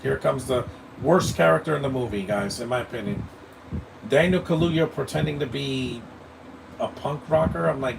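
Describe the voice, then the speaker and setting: Gravelly, blunt man ranting at a distance. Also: fairly high pitch, normal speed. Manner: blunt, opinionated, rambling with repeated stammers. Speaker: movie commentator. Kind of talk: live movie commentary. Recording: distant mic with air-conditioning hum.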